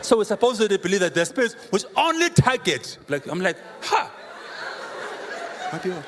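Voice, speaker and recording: A man, a pastor preaching a sermon with humorous, animated storytelling and rhetorical questions. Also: sits high, moderate pace. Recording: reverberant hall, faint room noise.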